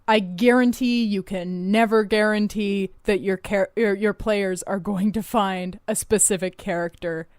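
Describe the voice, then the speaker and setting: A woman's voice: medium pitch, fairly even intonation, unhurried, few pauses. A woman co-hosting a casual advice podcast about running tabletop games, chatty and self-deprecating, often trailing off mid-thought. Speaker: podcast co-host.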